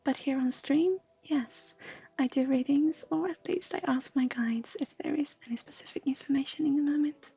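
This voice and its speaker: A woman from Sweden, a streamer and intuitive counselor chatting softly with viewers, often slipping into a breathy whisper. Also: high voice, normal speed. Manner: soft, often drifting into a breathy whisper, laughs often. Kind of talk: live stream chat with viewers.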